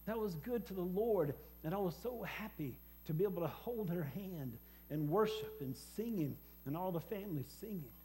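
High, mellow-voiced man preaching testimony. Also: animated, slight background noise. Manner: halting, repeats words with many fillers. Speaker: preacher and former hospice chaplain. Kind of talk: personal testimony sermon.

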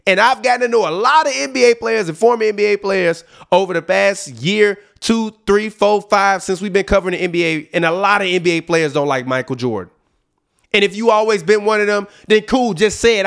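A man with a high, gravelly voice rants on his sports podcast. He talks emphatically and profanely. His outbursts swing into low, muttered asides. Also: brisk, fairly bright tone. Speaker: podcast host. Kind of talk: heated sports rant.

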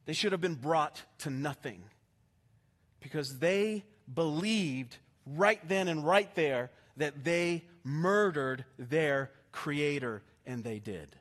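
A male pastor preaching a sermon with passion, swinging from hushed, slow lines to emphatic ones. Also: a little high, expressive.

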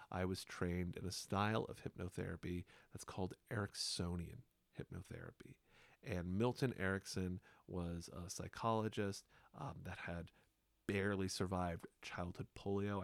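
Slow, soft-spoken man with a deep voice. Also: fairly even intonation, no echo. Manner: unhurried, soft-spoken, hypnotic pauses. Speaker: podcast host and hypnotherapist. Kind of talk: slow reflective monologue.

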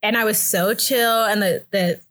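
A young woman telling a story in a casual chat, animated and laughing often, acting out the other people's voices. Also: normal speed. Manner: animated, acts out voices with big pitch jumps, laughs often. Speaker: guest telling a birth story.

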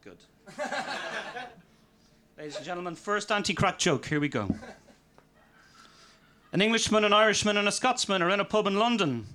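A man performing a live stand-up set of deadpan one-liners in a comedy venue. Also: sits high, brisk, long pauses.

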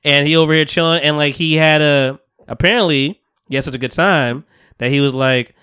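A man's voice: fairly high pitch, brisk, smooth. A man hosting a podcast, casually recapping a TV episode with lots of laughter and acted-out lines. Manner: animated storytelling, acts out characters, laughs a lot. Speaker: podcast host.

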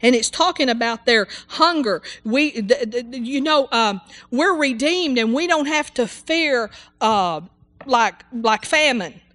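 A woman's voice: on the high side, expressive, slow, a bit bright. A woman preaching a sermon in a fervent, rambling way, full of hallelujahs and amens. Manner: rambling, with restarts and asides.

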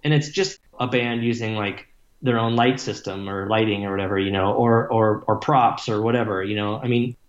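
A man's voice: medium pitch, roomy sound, muffled recording. A man talking casually in an interview, rambling and swearing, with many fillers like "like" and "you know". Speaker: musician guest.

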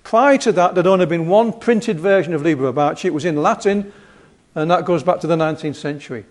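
A man's voice: fairly high pitch, fairly quick. A man with a Yorkshire accent giving a casual lecture over slides, rambling and chatty with self-deprecating humor.

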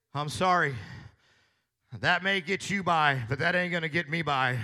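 Preacher guy, really high bright voice, gravelly edges, slow and loud in a big echoey church. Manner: slow, building from hushed to shouting. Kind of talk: sermon. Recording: long hall reverb.

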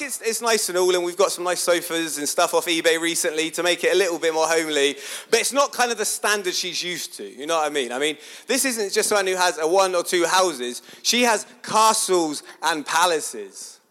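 A man's voice: high-pitched, normal speed, few pauses. A man giving a chatty, sermon-style talk, asking his listeners questions as he builds a story. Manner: animated, chatty, asks the audience questions.

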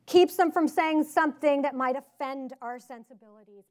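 Woman, Southern accent, high voice, conference speech, sarcastic, emphatic, rhetorical. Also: moderate pace, darkish tone. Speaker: conference speaker. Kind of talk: political speech to a live audience. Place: conference hall.

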